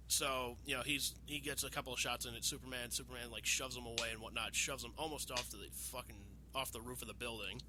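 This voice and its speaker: A man on a podcast casually retelling a film plot, profane and animated, acting out the characters' lines. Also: mid-range voice, fairly quick, noisy background. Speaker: podcast host.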